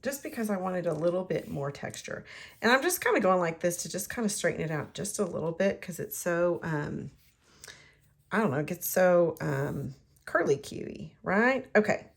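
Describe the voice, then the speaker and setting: A woman's voice: lowish voice, lively intonation, moderate pace, creaky, husky. Chatty woman crafting. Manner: chatty, rambling, talks to herself while working. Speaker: craft demonstrator. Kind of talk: casual card-making tutorial.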